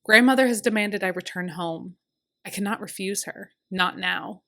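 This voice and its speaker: A woman reading a young man's lines in an audiobook, gentle and pleading. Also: medium pitch, normal speed. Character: young man, a grieving departing lover.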